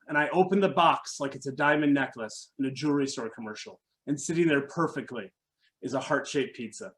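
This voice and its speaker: A man telling a personal story at a live storytelling event, wry and animated, acting out what others said. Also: fairly high pitch, brisk.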